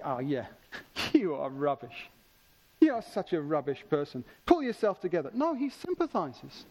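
A man preaching a sermon with enthusiasm, slowing down to stress key words. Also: extremely high pitch, darkish tone.

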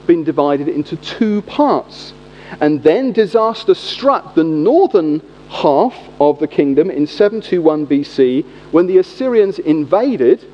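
A man in his forties preaching a humorous, animated sermon in a church. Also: on the high side. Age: 40s. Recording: echoey hall, dull lo-fi sound.

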